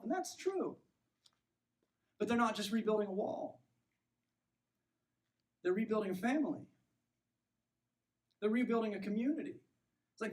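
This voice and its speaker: A man's voice: very high voice, moderate pace, long pauses, distant mic, poor audio. A man preaching a sermon as pastor, conversational and self-deprecating, often checking in with "right?".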